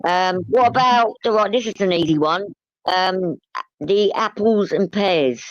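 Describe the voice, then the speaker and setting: A man from near London with a Cockney-like English accent, talking loudly and playfully on a livestream call with lots of slang. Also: high-pitched, a little slow, dry recording, muffled recording. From England, near London. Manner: loud, slangy, swears playfully. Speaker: guest caller. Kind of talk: casual chat on a livestream.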